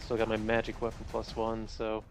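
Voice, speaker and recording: A man at a tabletop game, working through his character's moves out loud in halting stops and starts. His voice sits somewhat low, and faint music plays behind him. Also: monotone. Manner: halting, thinking aloud over game rules. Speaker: player. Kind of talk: casual table talk.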